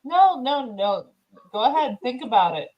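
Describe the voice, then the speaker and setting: A woman's voice: sits high, big pitch swings, normal speed, lo-fi sound, slight background noise. A woman playfully egging on friends in casual chat on a live stream.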